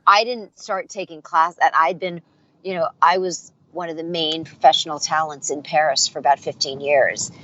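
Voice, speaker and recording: A woman's voice: low-pitched, normal speed, dull audio. A middle-aged woman voice actor and dialect coach telling stories in a casual interview, acting out the voices she quotes. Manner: animated storyteller, acts out quoted voices.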